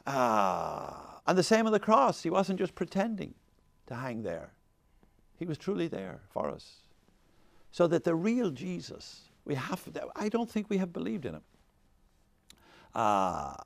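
A man leading a faith discussion with an audience, rambling and animated, laughing often and restarting his sentences. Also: a little high, dry recording, studio quality. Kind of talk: informal talk with audience questions.

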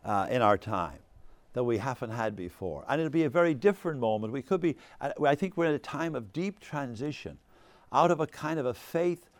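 Animated older man lecturing on faith. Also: mid-range voice, fairly quick, no echo. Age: 60s. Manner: animated, discursive, fond of asides. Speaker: speaker on faith. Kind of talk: lecture with anecdotes.

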